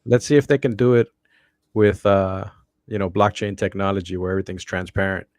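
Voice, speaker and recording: Podcast co-host, a man with a low, even voice, relaxed and dry. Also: brisk, no echo. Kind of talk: casual chat.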